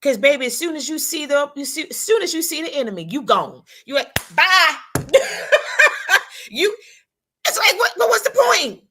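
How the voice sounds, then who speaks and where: Woman, motivational talk-show host, high voice, very animated, preacherly, repeats herself. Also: a little fast. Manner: preacherly, repeats lines, acts out people's talk.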